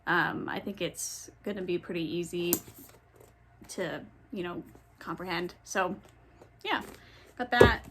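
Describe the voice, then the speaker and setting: A young woman in her pajamas chats casually at home for her book vlog, rambling with lots of ums and self-corrections while she has the hiccups. Her voice is on the low side, and she speaks slowly with frequent pauses over a noisy background.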